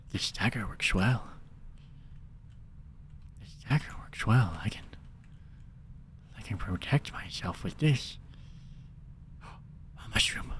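A man's voice: lowish voice, fairly bright tone, a little hiss or hum, heavily acted. A man voicing a small, greedy male gem goblin with a spitty, wet-mouthed voice, muttering to himself while improvising role-play over a video game.

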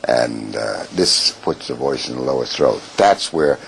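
Older man, deep-voiced voice therapist, instructive and demonstrative, clinic session with faint noise behind. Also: moderate pace, fairly bright tone, low-quality recording. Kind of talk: coaching a patient in a clinic session. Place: clinic room.

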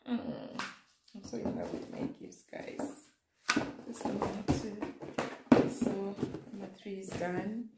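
A woman's voice: medium pitch, expressive, slow pace, gravelly, pauses often. A young woman vlogging an unboxing in a casual, gushing way, talking straight to her viewers. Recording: echoey room with faint noise.

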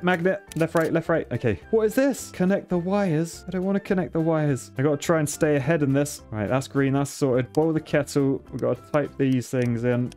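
A man's voice: mid-range voice, a little mellow. A young man commenting on a game as he plays, reading each task aloud and getting flustered under pressure. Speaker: gaming YouTuber. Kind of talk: frantic let's-play commentary.

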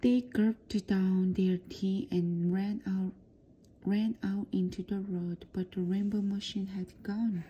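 A woman reads a children's picture book aloud in a soft, frequently whispered voice. Her tone is dark and mellow, and she moves slowly through the lines. A faint hiss runs under the recording. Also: mid-range voice, flat delivery. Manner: soft, often whispered reading. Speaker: reader. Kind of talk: storybook read-aloud practice.

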